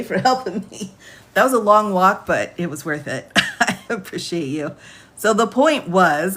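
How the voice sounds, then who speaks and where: A woman attorney explaining law on a phone livestream in a chatty way. She laughs often and reads legal text aloud. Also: mid-range voice.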